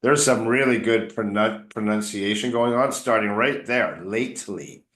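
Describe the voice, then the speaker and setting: A man with a lowish voice works through pronunciation with a student, correcting word by word and encouraging her. He sounds a little sick. The recording has a roomy echo around him. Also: normal speed, fairly bright tone. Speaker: acting and pronunciation coach. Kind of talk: one-on-one online coaching session.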